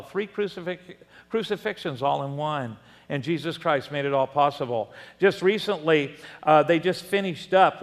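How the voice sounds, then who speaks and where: Older male pastor, fairly high voice, lively sermon delivery, reverberant sanctuary. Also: gravelly. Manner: animated preaching with asides and laughs. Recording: long reverb of a church hall.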